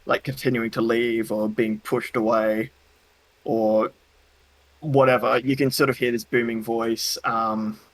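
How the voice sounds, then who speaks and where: A man narrating a tabletop game as game master, pausing often with ums and uhs. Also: mid-range voice, level tone, low-quality recording. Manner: hesitant, many ums and uhs.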